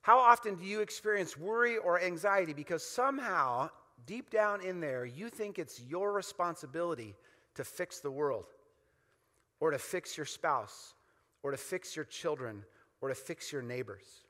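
A man's voice: fairly high pitch, animated, moderate pace, sharp tone, big-room sound. A man preaching a sermon as pastor, emphatic and repetitive, leading the congregation in call-and-response.

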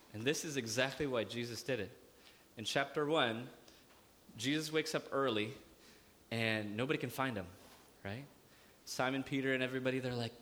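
A man preaching a sermon as pastor, lively, joking and acting out little scenes as he speaks. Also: medium pitch, normal speed, a little hiss or hum. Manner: lively preaching with jokes and acted-out asides. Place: church hall. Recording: long hall reverb.

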